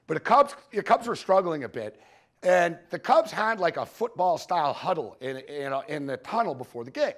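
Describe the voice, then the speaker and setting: High-voiced man telling rowdy betting stories. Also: big pitch swings, normal speed. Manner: profane, storytelling, punchy repetitions. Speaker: sports betting show host giving a conference talk. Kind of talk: animated anecdotal presentation. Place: conference room with audience.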